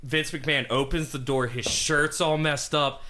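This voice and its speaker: A man with an English Canadian accent co-hosting a podcast, telling stories in an animated way and laughing often. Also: on the high side, measured pace, a little hiss or hum. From Montreal, Canada. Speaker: podcast co-host. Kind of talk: casual chat.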